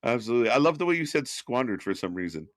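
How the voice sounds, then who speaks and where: Lively, swearing Canadian-born man. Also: mid-range voice, no room sound, studio quality. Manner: animated, swearing, quick to laugh. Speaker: co-host. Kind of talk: casual live reaction chat.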